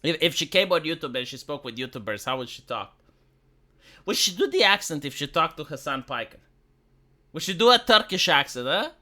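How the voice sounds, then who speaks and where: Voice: mid-range voice, expressive, fairly quick, sharp tone. A streamer from Romania, giving rambling, sarcastic commentary with lots of fillers. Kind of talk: casual commentary vlog.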